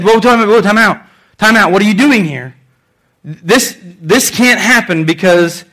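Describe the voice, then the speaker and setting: A man preaching a sermon, reading scripture aloud and swinging between loud emphatic lines and quiet ones, often repeating phrases for emphasis. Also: high voice. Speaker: pastor.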